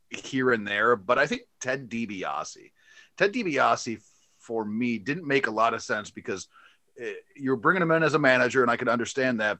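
A man co-hosting a casual podcast, speaking in a measured way and often restarting his phrases. His voice is low yet bright, recorded with a very dry sound. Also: dry recording. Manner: measured, repeats himself when starting. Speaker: podcast co-host. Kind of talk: casual chat.

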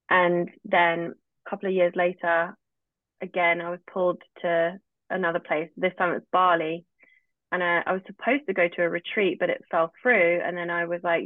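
Telling her own story as a guest, this chatty woman frequently re-enacts her past remarks. She speaks a little fast at a fairly low pitch with little movement in it. The line is dry and tinny like a phone, without any room sound.

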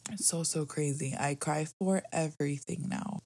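A low, husky-voiced woman talks in a relaxed, rambling way as she co-hosts a podcast about motherhood. Her voice has a gravelly edge. It is recorded close and dry, with no room sound. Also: moderate pace, no echo. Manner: chatty, rambling, heavy on "like" and "you know". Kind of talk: casual chat.

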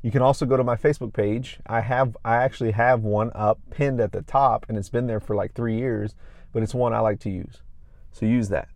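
A man's voice: medium pitch, steady tone, brisk, darkish tone, no echo. A man talking as a fitness coach, giving tips in an emphatic, repetitive coaching manner. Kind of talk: casual fitness tips monologue.

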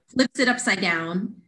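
A woman's voice: mid-range voice, takes it slowly, slight background noise. Woman telling a story, roomy echo. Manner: animated, acts out quoted voices. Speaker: podcast guest. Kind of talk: casual storytelling.

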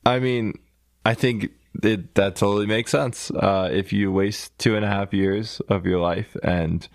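A man co-hosting a casual podcast, easygoing and quick to laugh. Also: on the low side, fairly even intonation, dry recording, clean studio sound. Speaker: podcast co-host. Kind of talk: casual chat.

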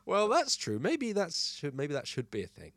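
Posh English male podcast co-host, self-deprecating and halting, animated pitch, dry sound. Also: dry recording. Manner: hesitant, filler-heavy, self-deprecating. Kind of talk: casual chat.

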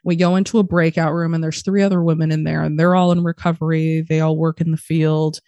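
A woman guest on a podcast, telling her story candidly in casual chat, swearing freely and speaking quickly. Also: low-pitched, flat delivery, dark tone, dry recording.

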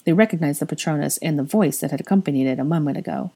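Woman reading fan fiction aloud, low voice, warm and mellow, steady. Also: rapid-fire, creaky, husky. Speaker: narrator. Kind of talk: fan fiction audiobook narration.

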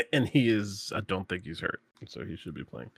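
A man in a casual chat, opinionated and quick to laugh. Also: low voice, sing-song, gravelly, fairly bright tone, husky, dry recording. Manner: chatty, opinionated, laughs often.

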